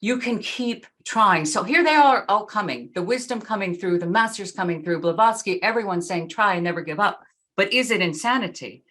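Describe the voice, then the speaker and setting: A middle-aged woman giving a talk in an earnest, emphatic way, slowing down to stress key phrases. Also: mid-range voice, animated, pushed and bright. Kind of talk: talk with slides.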